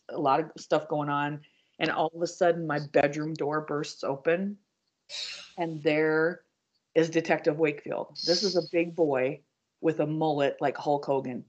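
A woman guest on a podcast, earnestly telling her personal story with halting restarts and speaking straight to her listeners. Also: sits low. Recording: dull lo-fi audio.

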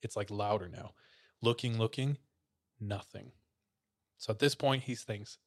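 Male host, relaxed storyteller, mid pitch, informal creepy-tale delivery. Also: unhurried, long pauses. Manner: relaxed storyteller, many "like" fillers. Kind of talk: casual storytelling of creepy tales.

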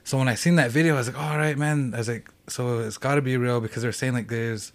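A man's voice: medium pitch, fairly even intonation. A man as a podcast guest, telling a hunting story in a rambling way, full of "like" fillers. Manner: fast rambling with many "like" fillers. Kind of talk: casual storytelling.

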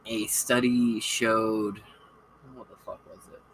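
A man with a bright, sharp voice holds forth on his podcast in a loose, cursing ramble. His delivery is casual and opinionated over a faint hiss. Each point sounds sure of itself. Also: on the low side, flat delivery, slow, low-quality recording. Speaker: podcast host. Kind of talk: casual monologue.

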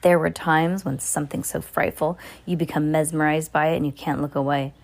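A woman with a low voice reads a novel aloud at home-reader level, not as a polished narrator. She trips over words and starts phrases again as she goes. Now and then she breaks off to speak to someone beside her. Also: fairly even intonation, a little fast, creaky. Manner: casual amateur reading with stumbles and restarts; asides to a listener beside her.

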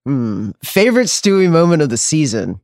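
A man's voice: a little high, sing-song, moderate pace, a little mellow, no echo, studio quality. Laughing, rambling man on a podcast. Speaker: podcast guest. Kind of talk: casual chat.

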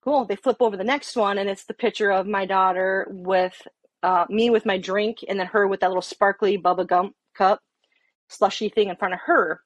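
A woman's voice: medium pitch, normal speed, no room sound. A woman police officer telling a story in casual talk, swearing often and acting out both sides of the conversations. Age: adult with an underage daughter. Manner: profane, animated, acts out both sides of conversations.

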